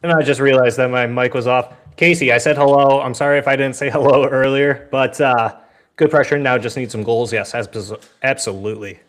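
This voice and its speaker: A man's voice: mid-range voice, steady tone, fairly quick. A man in his twenties hosting a livestream, giving casual play-by-play commentary and chatting with his viewers between calls. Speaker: livestream host.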